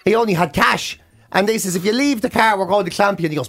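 A man's voice: high-pitched, fast, soft background music. An Irish man co-hosting a radio show, telling stories with lots of acted-out quotes. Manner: animated storyteller, acts out quotes. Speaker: radio co-host. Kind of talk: casual chat.

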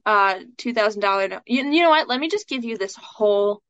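Woman as a talkative scholarship coach, mid-pitched, casual, lo-fi dry recording. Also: expressive, brisk, fairly bright tone, no echo. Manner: chatty, fills speech with "like" and "um". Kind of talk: live coaching session, casual chat. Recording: dull lo-fi sound.

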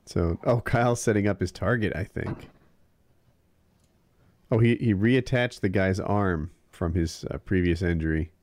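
A man's voice: low-pitched, unhurried, a little mellow. A young man hosting a casual, crude chat, joking and laughing often.

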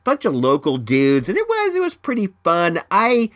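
Recording at home in California, this podcast host rambles through a casual solo show and keeps repeating words, his allergy-clogged nose audible throughout. His pitch leaps dramatically up and down at a moderate pace, the tone fairly bright, and the audio is echo-free studio quality.

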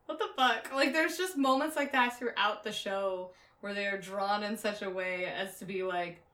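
A woman's voice: medium pitch, normal speed, fairly bright tone, roomy sound, distant mic. A woman in casual chat who laughs often, swears, and mimics cartoon voices.

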